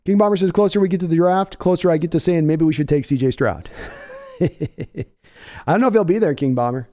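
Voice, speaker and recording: A man's voice: on the high side, expressive, a little fast, mellow. A man hosting a live sports reaction stream, reading out donations and chatting casually with his viewers. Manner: reads donations aloud, chatty and hyped.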